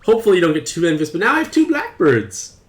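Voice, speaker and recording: A young man chatting playfully to his viewers while streaming a mobile game, with excited outbursts. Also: high voice, fast talker, slight background noise. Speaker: gaming streamer. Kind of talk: casual game commentary to live chat.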